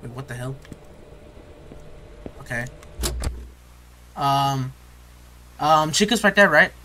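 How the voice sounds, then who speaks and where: A man's voice: mid-range voice, lively intonation, takes it slowly, bright, forceful tone, a little hiss or hum, low-quality recording. A man giving let's play commentary, jittery, repeating phrases and calling his viewers bro. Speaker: gamer.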